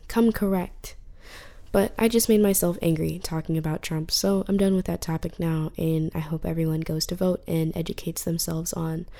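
A young woman hosts her own podcast in a loose, frustrated rant, swearing freely and leaning on filler words. Her voice sits low, with a gravelly fry and a warm, mellow color. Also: steady tone, normal speed. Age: young adult. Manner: profane, frustrated, filler-heavy ranting. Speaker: podcast host.

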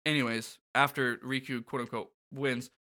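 A man's voice: medium pitch, flat delivery, normal speed, sharp tone. A man co-hosting a podcast, recapping a video game in casual, joking chat with frequent swearing and laughter. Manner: joking, profane, laughs often. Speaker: podcast co-host.

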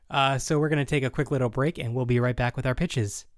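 A man's voice: medium pitch, steady tone, normal speed. A man co-hosting a podcast, casually recapping a TV episode with an easy laugh. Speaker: podcast co-host.

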